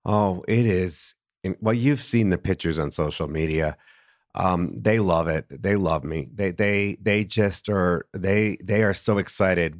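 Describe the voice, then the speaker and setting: A man's voice: low voice, measured pace, no room sound, clean studio sound. A man as a podcast guest, telling stories animatedly with many fillers and restarts. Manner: animated, lots of fillers and restarts, laughing storyteller. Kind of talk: casual interview storytelling.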